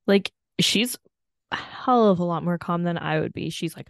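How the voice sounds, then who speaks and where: A woman co-hosting a casual podcast, giving slow, frank reactions to a reality show. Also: lowish voice, gravelly, dry recording, clean studio sound. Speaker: podcast co-host. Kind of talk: casual chat.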